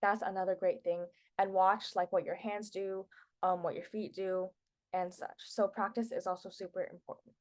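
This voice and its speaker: A woman's voice: mid-range voice, little pitch movement, normal speed. A teenage girl presenting public speaking tips to a class in a casual, chatty way, with lots of filler words. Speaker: student presenter.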